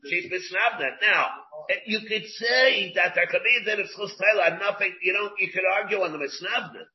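Man, rabbi teaching Talmud, slightly high voice, explains step by step with restarts. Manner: explains slowly, mixes Hebrew and Aramaic terms into English, many restarts. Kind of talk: Talmud class lecture. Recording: dull lo-fi class recording.

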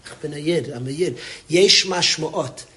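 A man's voice: a little high, a little slow, bright, forceful tone. A man delivering an inspirational religious talk, impassioned and repetitive, with Yiddish and Hebrew terms woven into his speech. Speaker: religious speaker. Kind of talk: inspirational sermon.

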